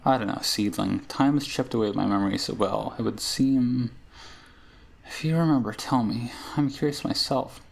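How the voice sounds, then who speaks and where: Man reading as an ancient cruel hag, game dialogue, gravelly, mid pitch. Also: normal speed. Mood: scheming. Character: ancient scheming female hag, cruel and teasing.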